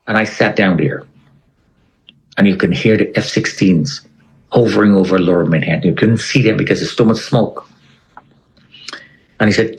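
Animated man with a low voice. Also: low-quality recording. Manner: animated, acts out other people's lines. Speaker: interview guest. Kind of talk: personal storytelling in conversation.

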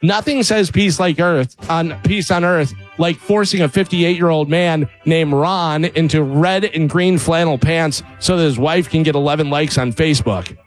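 A man with a fairly high voice delivers a punchy, sarcastic rant as a radio co-host. A faint music bed runs under his words. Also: normal speed, few pauses. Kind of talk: comedic open-letter monologue, then casual banter.

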